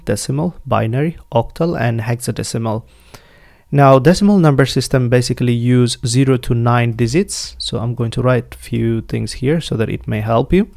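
Male tutor, Bangladeshi accent, mid pitch, patient step-by-step explainer, dry booth sound. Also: gravelly, darkish tone, no room sound. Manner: patient, repeats points with restarts. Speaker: programming tutor.

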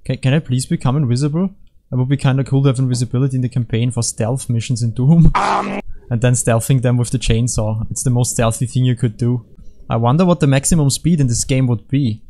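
A man talks over his gameplay in a casual, rambling way, jumping between jokes and half-finished thoughts. His voice is mellow and dark, at an ordinary middle pitch. He mocks himself easily and keeps up a loose, unscripted patter. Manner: rambling, self-mocking, easily distracted jokes. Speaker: gaming commentator.

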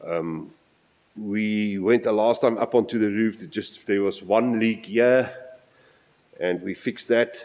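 A middle-aged South African man, his voice fairly low and his pace slow, gives a casual, wandering update on his model railway layout for a workshop vlog. He often stops mid-sentence to count out measurements, and the recording sounds muffled.

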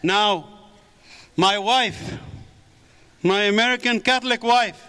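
A man's voice: sits high, slow pace, bright, forceful tone, clear, resonant tone. Fervent middle-aged man preaching in a hall. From Middle East. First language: Arabic. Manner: fervent preaching with exclamations of praise. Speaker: guest speaker. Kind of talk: sermon-style testimony. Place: large church hall with audience. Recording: echoey hall with audience.

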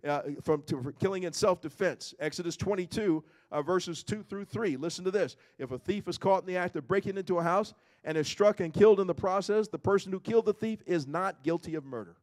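A man preaches a sermon in a loose, conversational style. He often repeats himself and keeps asking his listeners questions. His voice sits a little high for a man. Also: a little fast, few pauses, darkish tone. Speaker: pastor.

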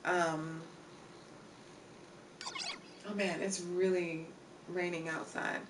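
Woman streamer, easygoing teasing banter, unhurried, mic set back with steady background noise. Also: fairly low pitch, far from the mic. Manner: laughing, teasing, repeats herself. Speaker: live streamer. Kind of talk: casual chat with live chat.

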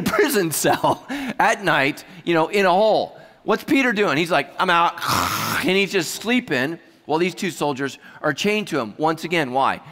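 Joking pastor preaching in a reverberant hall. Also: male voice, high-pitched. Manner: humorous, animated storytelling with asides. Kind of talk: sermon.

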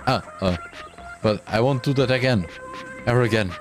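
A man's voice: medium pitch, moderate pace, over music, close to an everyday voice. A man voicing a frightened young man who stammers and pleads apologies. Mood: nervous.

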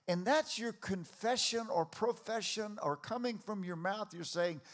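Emphatic high-voiced older pastor preaching. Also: male voice, a little slow, few pauses. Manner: emphatic, rising to shouts when rallying the congregation. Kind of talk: sermon. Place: church auditorium before a congregation.

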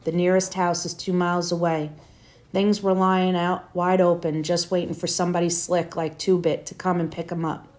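A woman teacher reading a novel aloud to her students, in steady, plain storytelling. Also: on the low side, moderate pace.

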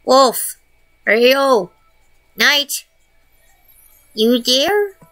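A woman's voice: sits high, animated, very slow, sharp tone, soft background music. A young woman streaming a casual chat, talking baby talk to her pets and cursing offhandedly.

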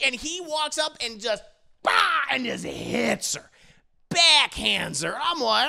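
Male reviewer, casual recap, animated, profane, gravelly, high-pitched. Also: a little slow. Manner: animated, profane, acts out scenes.

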